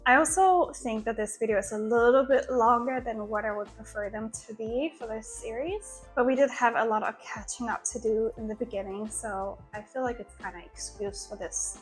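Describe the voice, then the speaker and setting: A woman's voice: a little high, normal speed, hardly any pauses, faint music behind. Chatty young woman coaching a workout. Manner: explains exercises step by step, chatty. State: out of breath at the end. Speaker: fitness creator. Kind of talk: workout instruction vlog. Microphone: small new mic.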